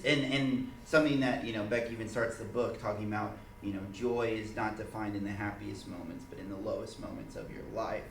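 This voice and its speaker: A man leading an informal church teaching, telling a personal story in an earnest, halting way with many restarts. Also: fairly low pitch. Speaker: church group leader. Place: church meeting room. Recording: echoey room, mic far off, faint hiss.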